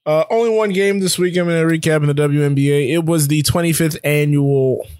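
Young dude recapping games, talks in circles and restarts, dry mic. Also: male voice, on the high side, a little fast, a little mellow, clear, resonant tone, no room sound. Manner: chatty, restarts often, teasing. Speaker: podcast co-host. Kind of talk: casual sports chat.

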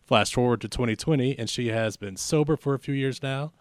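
A man reads a listener's story on a podcast in a measured, emphatic way. His voice sits at a middle pitch. The sound is dry and close. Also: dry recording. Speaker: podcast co-host. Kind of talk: reading a listener highlight.

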